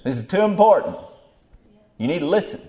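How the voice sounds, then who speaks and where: A middle-aged man preaching a fiery Bible sermon. He drops to low murmurs, then bursts into loud exclamations. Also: big pitch swings, a little fast.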